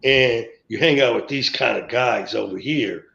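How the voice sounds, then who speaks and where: A man's voice: mid-range voice, unhurried, creaky, a bit bright. A man guest on a live stream, telling a rambling story and acting out the dialogue of other people as he goes. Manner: rambling, acts out quoted dialogue. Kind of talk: storytelling memories. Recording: echoey, dull lo-fi stream audio.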